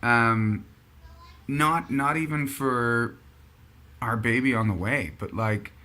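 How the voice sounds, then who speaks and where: A man's voice: medium pitch, slow pace, pushed and bright. A man hosting a casual chat show, rambling and thinking aloud as he talks. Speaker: podcast host.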